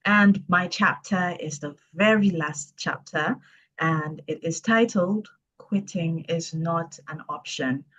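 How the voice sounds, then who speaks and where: A woman's voice: on the low side, takes it slowly, a bit bright. A woman in her twenties, a book co-author, speaking upbeat and a little hesitant with many ums. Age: 20s. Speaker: co-author, administrative assistant. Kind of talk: casual speech. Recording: dull lo-fi sound.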